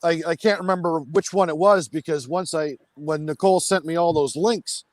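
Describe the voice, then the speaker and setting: A man's voice: fairly high pitch, a little fast, darkish tone, no echo. A man guesting on a casual livestream, agitated and ranting angrily with constant swearing. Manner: angry, profane ranting.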